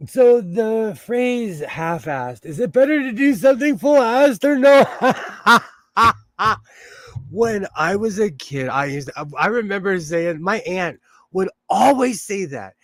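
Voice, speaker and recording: Man, sewing stream host, casual chat, laughs a lot, fairly high voice, dry close mic. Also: very animated, takes it slowly, no echo. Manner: chatty, laughs often, reads chat aloud. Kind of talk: casual livestream chat reading comments. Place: home sewing room.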